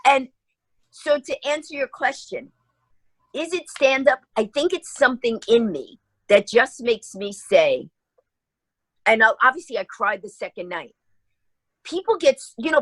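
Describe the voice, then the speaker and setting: A woman's voice: high voice, dry recording, poor audio. A woman from New York telling stories as a radio interview guest, acting out the voices of people in them. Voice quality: lively, acts out voices in her stories. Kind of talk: animated storytelling in a radio interview.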